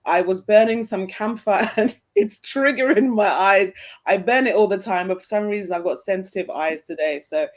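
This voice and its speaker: A woman's voice: mid-range voice, moderate pace. A woman hosting an interview, affirming her guest's story and asking follow-up questions. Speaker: interview host.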